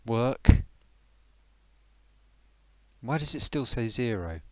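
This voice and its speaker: A man's voice: medium pitch, expressive, very slow, a bit bright, dry recording. Chatty man hosting a live stream. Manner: chatty, greets viewers, thinks aloud while fiddling with settings. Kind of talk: casual live-stream chat.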